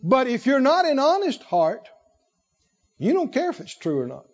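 A man preaching a sermon with animated, rhythmic repetition and emphatic phrasing. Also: very high voice, normal speed, lo-fi sound.

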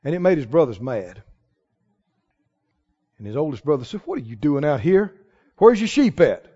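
A man preaching a sermon, telling a Bible story with lively, acted-out dialogue. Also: on the high side, normal speed. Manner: animated storytelling, acting out the people in the tale. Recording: reverberant hall, somewhat dull sound.

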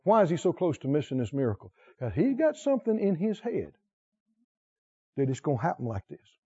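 A man's voice: fairly high pitch, huge pitch swings, brisk, dark tone, husky, lo-fi sound. A male preacher delivering a sermon, talking with animation, questioning the crowd and laughing now and then.

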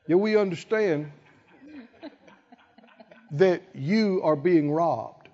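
A man preaching a sermon, acting out the people in the story and swinging from quiet talk to shouting. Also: sits high, slow, long pauses. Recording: dull lo-fi sound with long hall reverb.

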